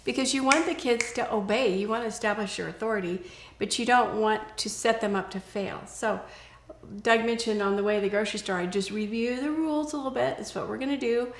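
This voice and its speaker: A woman's voice: on the high side, brisk. Older woman giving earnest parenting advice. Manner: earnest, storytelling, acts out quoted lines. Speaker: parenting speaker. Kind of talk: casual conversational advice. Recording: roomy echo.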